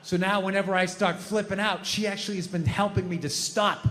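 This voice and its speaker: High bright-voiced man doing stand-up. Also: little pitch movement, brisk. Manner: swears a lot, acts out his outbursts. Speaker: stand-up comedian. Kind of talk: stand-up comedy. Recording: reverberant hall, faint noise.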